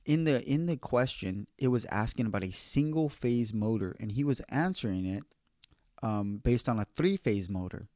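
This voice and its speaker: A man who works as an electrician, giving casual, earnest advice on passing an exam, slowing down to repeat key points. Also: mid-range voice, expressive, a little mellow, no room sound, studio quality. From California.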